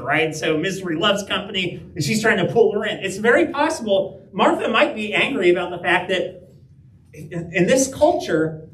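A man preaches in a casual, animated way, often checking in with his listeners. His voice is fairly high for a man. He sounds set back from the mic in an echoing church hall, with faint ambient noise behind him. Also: normal speed. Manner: conversational and animated, with frequent "right?" and "okay?". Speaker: pastor. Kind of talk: sermon. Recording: echoey room, heard from a distance.

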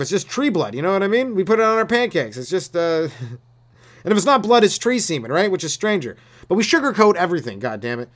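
Rambling, cursing male comedian. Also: high-pitched. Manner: rambling, swearing, laughs at own jokes; slips into quick mock voices for quoted people. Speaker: comedian podcast host. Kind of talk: solo stand-up rant.

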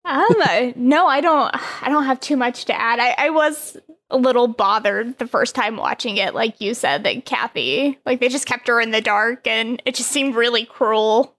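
A woman's voice: a little high, normal speed, fairly bright tone. A woman guest on a podcast, chatting agreeably about a film. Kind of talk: casual chat.

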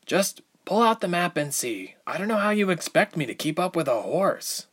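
A man's voice: high voice, very animated, normal speed, a bit bright, slightly rough, pitched above the performer's own voice, exaggerated voice. A man voicing a wry young archer girl. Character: swift young woman archer, sharp-tongued.

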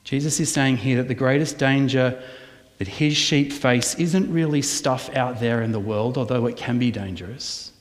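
Pastor preaching in a reverberant hall. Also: male voice, mid-range voice, normal speed. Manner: animated preaching with rhetorical questions, soft at times. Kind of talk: sermon. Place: church hall. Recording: long reverb of a church hall.

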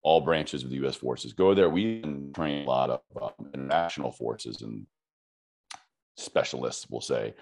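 Deep voiced veteran, casual interview guest, easygoing talk. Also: male voice, moderate pace, soft background music. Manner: relaxed, chatty, frequent fillers. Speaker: guest, army veteran and podcaster.

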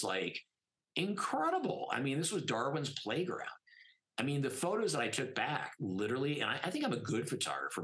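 Podcast guest: middle-aged man, low voice, very lively pitch, casual storytelling, emphatic. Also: poor audio. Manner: animated, emphatic, many "I mean" fillers. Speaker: podcast guest, plastic surgeon.

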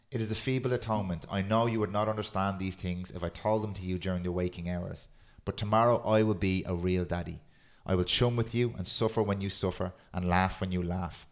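A man hosting a podcast, chatting casually and reading a poem aloud in a steady, earnest way. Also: low-pitched. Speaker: podcast host.

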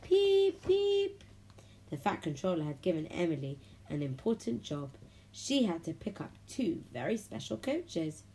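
A woman reads a children's storybook aloud in a low, slightly gravelly voice. Her delivery is lively and friendly, slipping into little character voices. Faint hiss sits under the recording. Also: normal speed, poor audio. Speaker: children's audiobook reader.

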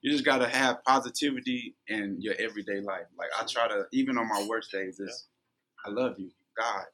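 A man's voice: fairly low pitch, a little fast, sharp tone, slight background noise, low-quality recording. A man as a podcast guest, talking casually in an earnest, upbeat way and often repeating himself. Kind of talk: casual conversation.

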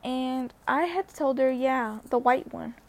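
A woman's voice: high-pitched, measured pace. A young woman vlogger telling a story in a casual, rambling way, full of fillers and restarts.

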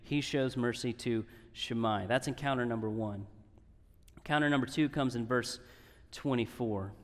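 A man's voice: mid-range voice, moderate pace. A man preaching a sermon in earnest tones, often checking in with "right?". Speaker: pastor. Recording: reverberant hall.

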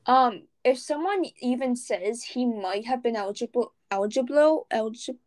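A woman's voice: on the high side, moderate pace, darkish tone, rough recording. A teenage girl co-hosting a casual podcast, rambling with lots of fillers and laughs. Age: teens. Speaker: podcast co-host. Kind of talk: casual chat.

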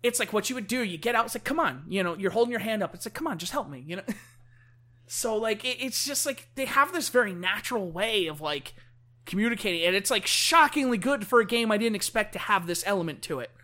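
A man in a casual chat, talking excitably and peppering everything with "like". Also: sits high, fast talker. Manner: excitable, full of "like" fillers.

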